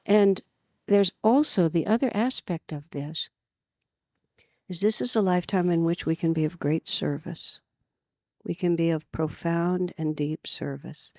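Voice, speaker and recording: A woman from California giving an earnest spiritual talk at a retreat, telling stories with lively emphasis. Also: lowish voice, a little slow, no room sound, studio quality. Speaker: spiritual teacher. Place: retreat gathering.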